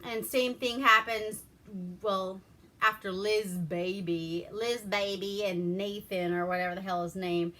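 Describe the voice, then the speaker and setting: A woman's voice: mid-range voice, steady tone, measured pace, sharp tone. A woman from Alaska giving a rambling, profane, wry movie review in casual chat.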